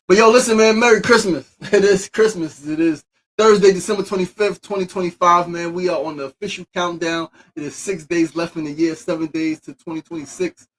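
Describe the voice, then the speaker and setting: A man hosting a casual morning livestream in a voice of middling pitch. He greets his audience with loud, repeated hype shouts and then moves into reflective, preacher-like talk. He swears freely and circles back to the same phrases. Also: low-quality recording. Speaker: host of a daily live show.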